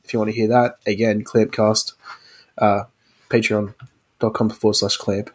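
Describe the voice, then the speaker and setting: A man's voice: lowish voice, level tone, normal speed, slightly rough. A man hosting a podcast in loose, joking chat, often stumbling and restarting his sentences. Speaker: podcast host.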